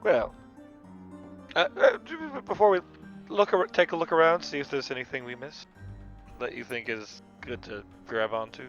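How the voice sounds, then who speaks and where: A man playing a tabletop game, speaking in a measured, deliberate way. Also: on the high side, animated, a bit bright, faint music behind. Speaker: player. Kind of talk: casual tabletop play. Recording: dull lo-fi mic.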